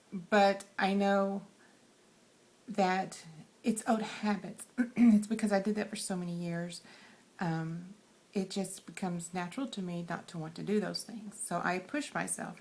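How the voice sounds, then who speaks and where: A woman with a Texan accent talks to her camera in a casual vlog, earnest and a little shy. Her voice sits slightly low and she fills pauses with soft ums. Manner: soft-spoken, many fillers, earnest; quiet and shy. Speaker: weight loss surgery vlogger.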